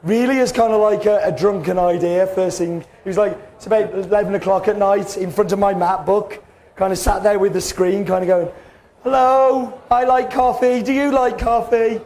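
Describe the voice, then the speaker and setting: A man with a hoarse, fading voice, telling stories in a casual, self-mocking way as a podcast host. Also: high-pitched, fairly even intonation, fairly quick, mellow. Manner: chatty, self-mocking storyteller, acts out quotes. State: hoarse, voice going. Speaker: podcast host and coffee roaster. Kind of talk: casual chat.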